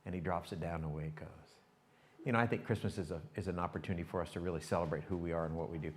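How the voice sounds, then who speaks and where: A man's voice: low-pitched, rapid-fire, slight background noise. Male pastor telling a sermon story. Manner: animated storytelling, shifts to hushed reflection; talks directly to the congregation.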